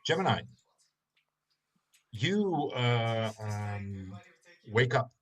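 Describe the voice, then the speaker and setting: A man narrating a tabletop game as game master, in slow, halting narration with many fillers. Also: medium pitch, big pitch swings.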